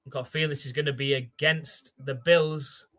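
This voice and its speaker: A man's voice: medium pitch, fairly even intonation, bright, forceful tone. A man hosting a live stream, calling football plays and chatting with viewers about their backgrounds. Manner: calls plays briskly, reads out viewer chat. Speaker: livestream play-by-play host. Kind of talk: live play-by-play commentary and chat.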